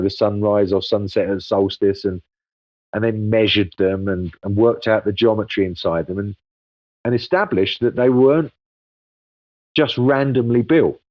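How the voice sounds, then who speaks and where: A man's voice: on the low side, dry recording, muffled recording. A man, a guest expert in a casual interview, explaining patiently at length with frequent ums and restarts.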